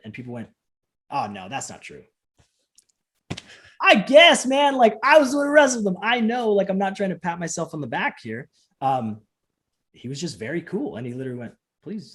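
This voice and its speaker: A man in his thirties, a professional wrestler and trainer, chatting in an interview from home over a video call and acting out quotes as he tells stories. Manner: animated storyteller acting out quotes with big pitch jumps. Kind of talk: casual interview chat.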